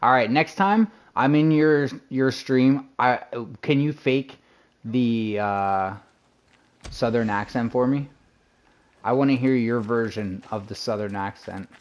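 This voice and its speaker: A man's voice: medium pitch, slow pace, muffled recording. A man casually commenting on his gameplay to a live chat, reacting in the moment and using plenty of fillers. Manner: chatty, reactive, filler-heavy, talks to chat. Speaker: game streamer. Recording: loud game gunfire under voice. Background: game gunfire and ambience.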